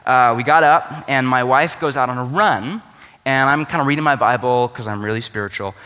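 Bright-voiced preacher in a reverberant hall. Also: male voice, mid-range voice, a little fast. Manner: conversational, joking asides. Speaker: pastor. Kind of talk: sermon. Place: church.

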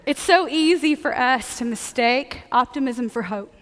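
Lady pastor, high voice, chatty jokey sermon, big echoey church hall. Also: measured pace, fairly bright tone. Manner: conversational, joking preaching.

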